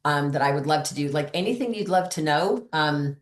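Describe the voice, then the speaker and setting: A woman giving a casual training talk to other beauty consultants, chatty and animated, acting out her customer conversations. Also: low voice, fairly quick, roomy sound.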